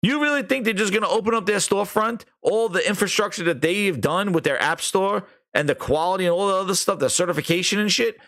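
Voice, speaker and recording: A man's voice: sits high, fast talker, few pauses, fairly bright tone. A man hosting a gaming podcast, ranting sarcastically, swearing and acting out mocking quotes. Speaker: podcast host. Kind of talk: ranting commentary.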